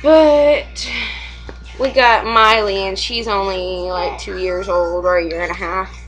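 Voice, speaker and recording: A woman's voice: medium pitch, steady tone, takes it slowly, a bit bright, faint music behind, low-quality recording. A young woman and mother chatting casually at home for a vlog, rambling, swearing freely and laughing often.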